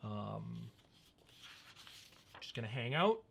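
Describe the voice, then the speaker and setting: A game master running a livestreamed tabletop game, talking slowly with many hesitations. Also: medium pitch, sing-song, gravelly, fairly bright tone, slight background noise. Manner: slow, hesitant, many fillers.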